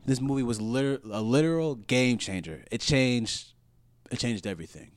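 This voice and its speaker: A man from Minnesota co-hosting a casual podcast chat, talking fast and emphatically and swearing freely. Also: mid-range voice, no room sound. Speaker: co-host.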